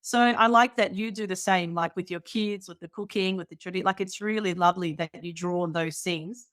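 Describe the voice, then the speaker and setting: A woman's voice: lowish voice, fairly even intonation, fairly bright tone, no echo. Host: woman, frank and profane, casual, filler-heavy, dry close mic. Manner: frank, swears freely, quick repeated fillers. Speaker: podcast host. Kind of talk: casual conversation.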